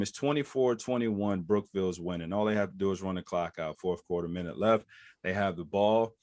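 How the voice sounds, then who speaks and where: A lowish-voiced man in his thirties, an ex-NFL running back, guests on a podcast and tells a lively story, raising his voice to perform other people's lines in the interview. The audio is clean studio sound with no echo.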